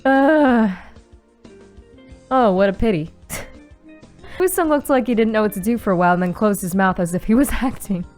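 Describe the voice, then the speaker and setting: A woman's voice: medium pitch, fairly quick. Young woman, game playthrough, story read aloud, sudden squeals, casual swearing, faint music behind. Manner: reads story text aloud, breaks into excited squeals and swearing. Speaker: gaming streamer reading a visual novel aloud. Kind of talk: casual playthrough narration with reactions.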